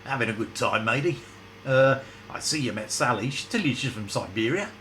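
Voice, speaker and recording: A man's voice: medium pitch, expressive, a little fast, a little hiss or hum, lightly acted. A man doing a brash, boozy, chummy bloke. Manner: loud, chummy.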